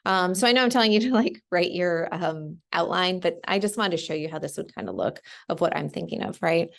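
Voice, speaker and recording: Chatty woman teacher with a gravelly low voice. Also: animated, a little fast. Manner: chatty, full of ums and "right?". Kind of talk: casual screen-share lesson.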